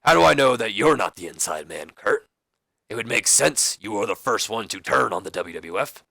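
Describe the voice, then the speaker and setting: A man's voice: on the low side, animated, moderate pace, vocal fry, bright, forceful tone, no echo, studio quality, full character voice. A man doing a growling, angry wrestling boss. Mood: scornful. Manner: growling, scornful, curt. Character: gruff angry older male wrestling boss.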